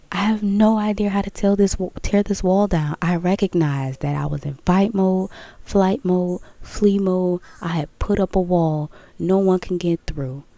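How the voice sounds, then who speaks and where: A spiritual vlogger speaks candidly to her viewers about her spiritual path, emphatic and repetitive, swearing and laughing as she goes. Her voice is fairly low and mellow, recorded with no echo.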